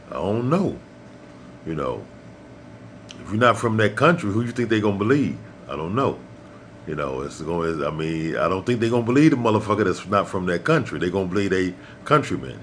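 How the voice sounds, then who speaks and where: A man delivers a blunt, profane rant straight to his listeners. He lectures like a preacher and hammers points home by repeating them. His pitch swings widely, and a faint rumble sits under the recording. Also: a bit bright. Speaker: host. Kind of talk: ranting monologue to camera.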